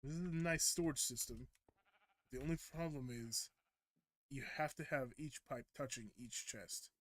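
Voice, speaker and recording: While gaming, a young male streamer gives hesitant, rambling commentary, frequently stopping to correct himself. He speaks in a mid-range voice at a measured pace, and the recording is dry.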